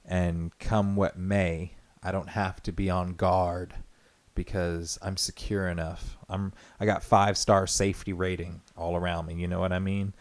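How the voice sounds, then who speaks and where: Low-pitched and level, this man's voice moves at an unhurried pace as he hosts his own podcast. He rambles earnestly through a reflective monologue on his own, often restarting and leaning on fillers.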